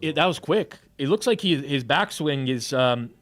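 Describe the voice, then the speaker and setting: Lively man chatting through a live game. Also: on the high side, normal speed. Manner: lively, animated, jokey banter. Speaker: co-host of a sports betting watch-along. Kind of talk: casual live game chat.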